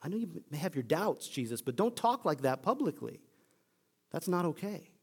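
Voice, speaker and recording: A man's voice: extremely high pitch, big pitch swings, normal speed, husky, pitched above the performer's own voice, full character voice. A man voicing an exasperated male disciple who argues with his teacher in casual modern slang. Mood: scolding. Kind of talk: acted quote within a sermon.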